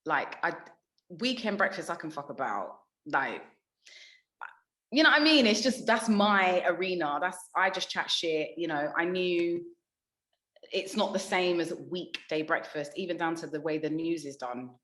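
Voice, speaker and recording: A woman's voice: on the low side, lively intonation, a little slow, fairly bright tone. A woman, a radio DJ, chatting casually as a podcast guest, swearing freely and acting out what she and others said. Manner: swears freely, acts out her own past quotes in storytelling. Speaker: radio DJ and breakfast show host, podcast guest. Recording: echoey room.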